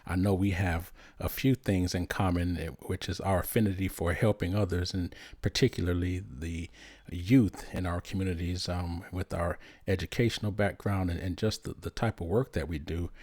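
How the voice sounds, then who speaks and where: A man hosting a podcast interview, friendly and a little halting, with frequent restarts. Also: deep voice, steady tone, darkish tone, no room sound, clean studio sound. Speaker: podcast host.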